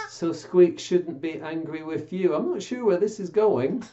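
A children's church presenter reading a Bible passage and then chatting playfully with puppets, coaxing and gently scolding them. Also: mid-range voice, lively intonation, a little slow, few pauses, muffled recording, very noisy.

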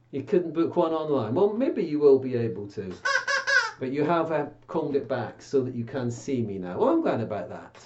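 A children's church presenter reading a Bible passage and then chatting playfully with puppets, coaxing and gently scolding them. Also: mid-range voice, very animated, a little fast, hardly any pauses, lo-fi sound, heavy background noise.

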